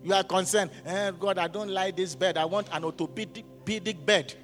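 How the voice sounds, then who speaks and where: High-pitched man preaching, keeps asking the church questions, big hall echo, soft music behind. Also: fairly even intonation, moderate pace. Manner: preaching with call-and-response questions to the congregation. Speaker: pastor. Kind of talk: sermon. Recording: hall reverb with faint music.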